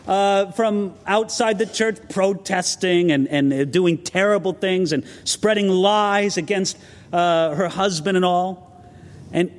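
High-voiced preacher in a reverberant hall. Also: male voice. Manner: earnest, preacherly, storytelling with asides. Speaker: pastor. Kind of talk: expository sermon. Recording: long reverb of a large hall.

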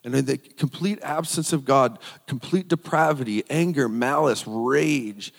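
A man's voice: mid-range voice, unhurried, creaky, big-room sound. A man preaching a sermon, reading scripture aloud and repeating phrases for emphasis.

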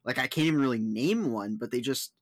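A man's voice: mid-range voice, animated, fast, no room sound. A man talking casually about a film, rambling and restarting with lots of fillers.

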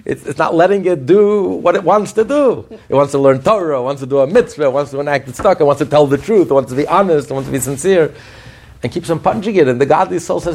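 A man, a rabbi, preaching a sermon with animated, repetitive emphasis and storytelling. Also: on the high side, fast talker.

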